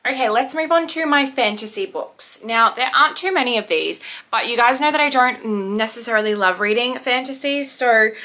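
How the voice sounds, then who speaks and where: A young woman talks casually to her viewers, rambling and poking fun at herself. Her voice sits fairly high and sounds bright and forward. The delivery is loose and conversational, like a relaxed vlog. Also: moderate pace, few pauses. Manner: chatty, rambling, self-deprecating. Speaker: book vlogger. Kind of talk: casual chat to camera.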